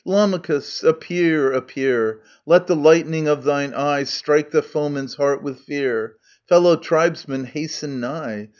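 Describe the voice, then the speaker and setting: A man's voice: a little high, unhurried, hardly any pauses, a little mellow, lo-fi sound, close to an everyday voice. A man voicing a hostile chorus of old men that threatens and calls for help in declaimed verse. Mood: pleading.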